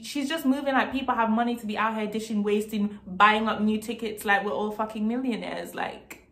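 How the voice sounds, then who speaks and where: Young woman on a storytime vlog, high-pitched, fired-up and indignant, swears often, roomy echo on the track. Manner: indignant, animated, swears freely. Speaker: vlogger telling a story. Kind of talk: casual storytime monologue.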